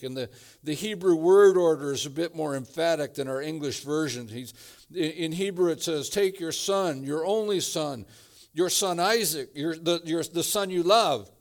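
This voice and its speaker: A man preaching a sermon, slow and emphatic, building to repeated phrases. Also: on the high side. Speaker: pastor.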